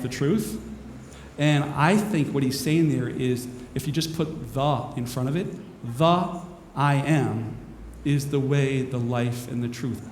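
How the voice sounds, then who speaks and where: A man's voice: mid-range voice, darkish tone. A man, a minister, giving a rambling, self-mocking inspirational talk to an audience in a large hall. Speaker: minister and speaker. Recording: echoey hall with faint noise.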